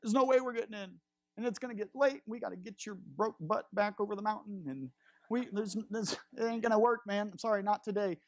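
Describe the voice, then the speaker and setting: A man's voice: high voice, a little fast, no echo. Man doing a tired buddy, casual resigned banter, dry sound. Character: weary man giving up at a crowded door.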